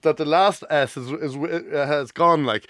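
A man with a Meath Irish accent, a comedian chatting on a radio show and telling stories in an animated way. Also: fairly high pitch, measured pace, no room sound, studio quality. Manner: animated, laughing storyteller. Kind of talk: casual radio chat. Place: radio studio.

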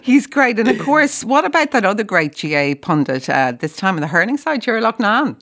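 A woman's voice: medium pitch, big pitch swings, moderate pace, a bit bright. A woman with an Irish accent hosting a radio interview, engaged with her guest. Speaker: radio host.

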